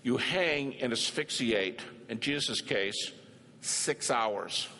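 A man's voice: medium pitch, lively intonation, takes it slowly, creaky, sharp tone. An older man preaching a sermon, emphatic and dramatic, telling a personal story and acting out dialogue. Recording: reverberant hall with faint ambience.

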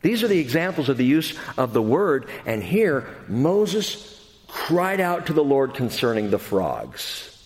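A pastor preaching an expository sermon, earnest and emphatic, going from quiet passages to loud ones. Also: male voice, medium pitch. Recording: long hall reverb.

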